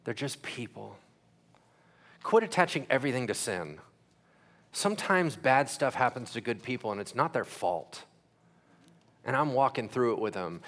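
A man preaching a sermon as pastor, asking the crowd questions and acting out quick voices. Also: mid-range voice, fairly bright tone.

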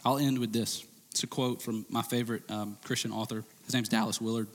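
A middle-aged man preaches to his congregation, his voice sitting in an ordinary register. He swings from loud, emphatic declarations down to hushed, intense lines. The sound carries the long reverb of a church sanctuary. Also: medium pitch, level tone, brisk. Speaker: pastor. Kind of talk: sermon.

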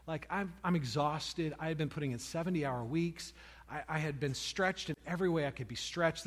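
Male pastor, high voice, earnest storytelling sermon, big hall echo. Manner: earnest, storytelling, swells to loud emphatic peaks.

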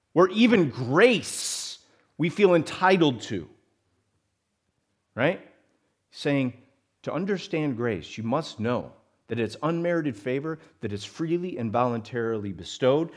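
A man preaching a sermon to a congregation, moving between loud emphatic lines and quiet conversational asides. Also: fairly high pitch. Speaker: pastor.

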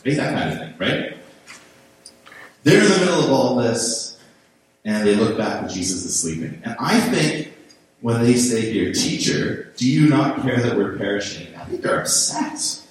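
Chatty pastor in an echoey hall. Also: male voice, mid-range voice, sing-song, normal speed, long pauses, distant mic. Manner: chatty, storytelling, lots of "right?" and "like". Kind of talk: conversational sermon.

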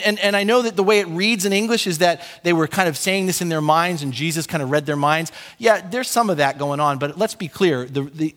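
A man preaching a sermon as pastor, conversational and animated, acting out little asides for his congregation. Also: high-pitched, big-room sound.

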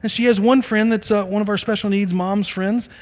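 A man's voice: high voice, fairly even intonation, fairly quick, a little mellow, long reverb tail. A middle-aged man preaching a sermon as a pastor, earnest and conversational, acting out bits of dialogue.

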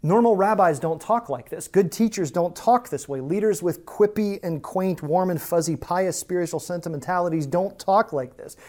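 A man's voice: sits high, moderate pace, hardly any pauses, darkish tone. A man preaching a sermon as pastor, emphatic and conversational, with casual asides.

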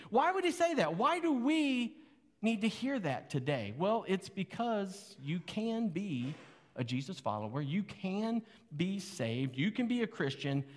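A man's voice: sits high, big-room sound. A man preaching a sermon as pastor, earnest and conversational, with rhetorical questions.

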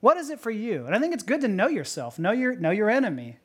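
A woman pastor delivers a lively sermon. She talks casually, laughs between thoughts, trips over repeated words and keeps asking the listeners questions. Her voice sits at an ordinary pitch for a woman. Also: fast talker, breathy edge. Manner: animated, laughing often, repeats words, many rhetorical questions.

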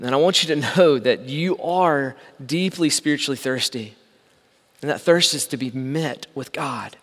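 A man pastor giving a conversational sermon, shifting between loud emphasis and quiet asides. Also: medium pitch, unhurried. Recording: long echo of a large hall.

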